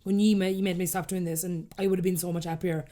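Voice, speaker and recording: A woman in her thirties with an Irish accent, a podcast guest telling her story candidly and acting out the things people said to her. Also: on the low side. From Ireland. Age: 30s. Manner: rapid, animated, acts out quoted dialogue.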